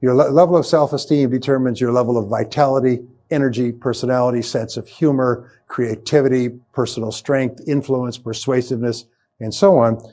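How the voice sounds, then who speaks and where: A man's voice: mid-range voice, fairly even intonation, fairly quick, mellow. A man giving a live seminar lecture as a motivational speaker, emphatic and repetitive as he drills key phrases home. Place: seminar room with a live audience.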